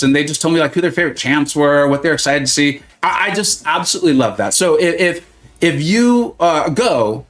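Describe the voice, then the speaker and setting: A man's voice: a little high, brisk, faint music behind. A middle-aged man from Southern California, chatting casually and rambling on a gaming livestream with plenty of fillers. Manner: rambling, animated storytelling with many fillers and restarts.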